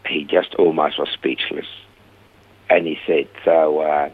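A man's voice: extremely low pitch, little pitch movement, measured pace, breathy edge, phone-quality sound. An older man with a Swiss accent, telling his life story in an interview and acting out the dialogue. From Switzerland.

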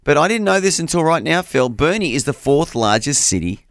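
A man's voice: a little high, very animated, a little fast, no echo. A man co-hosting a breakfast radio show in a studio, chatty, upbeat and playful in his banter.

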